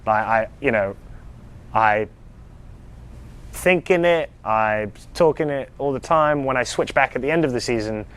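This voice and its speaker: A young British man, an actor, chatting casually in a live fan Q&A, telling stories in an animated, self-amused way with frequent ums and restarts. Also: mid-range voice, a little slow, pauses often, clear, resonant tone. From United Kingdom. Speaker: actor answering fan questions.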